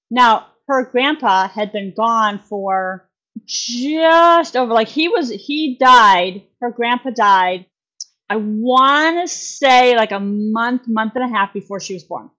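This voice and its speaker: A woman's voice: fairly high pitch, animated, slow, a bit bright. A woman guest on a podcast, explaining at length in a casual, rambling way, full of fillers and restarts and folksy phrasing.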